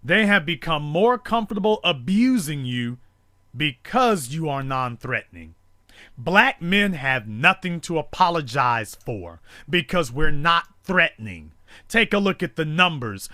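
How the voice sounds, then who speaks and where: A man hosting a call-in talk show, delivering a forceful, rhetorical monologue built on repeated emphasis. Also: a little high, very animated, measured pace, no echo, studio quality.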